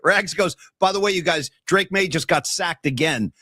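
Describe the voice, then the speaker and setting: Male co-host, upbeat and jokey, fairly high for a man, dry close sound, a touch weary. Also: moderate pace, sharp tone, dry recording. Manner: upbeat, joking, talks to viewers by name. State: a bit worn out after a big night. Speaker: podcast co-host. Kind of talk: casual sports talk show. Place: small studio.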